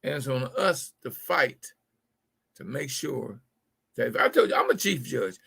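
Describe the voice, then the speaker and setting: A man's voice: medium pitch, expressive, a little slow, vocal fry, a bit bright, breathy edge. A man hosting a live-streamed political talk, speaking emphatically to his viewers, often repeating words as he builds his point. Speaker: livestream show host.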